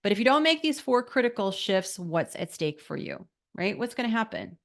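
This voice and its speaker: A woman's voice: medium pitch, sing-song, normal speed, gravelly. Emphatic middle-aged woman mentor. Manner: emphatic, motivational, rhetorical questions. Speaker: art business mentor. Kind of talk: online course lesson.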